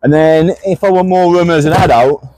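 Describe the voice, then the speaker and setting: A man's voice: fairly high pitch, brisk, mellow. A man hosting a car walkaround, joking and teasing his co-host in playful banter.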